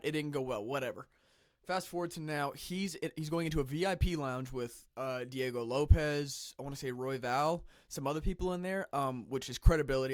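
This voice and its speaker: A man hosting casual reaction commentary. He talks conversationally with restarts and clears his throat now and then, a little phlegmy from the cold. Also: fairly high pitch, no room sound, clean studio sound. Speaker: commentary channel host.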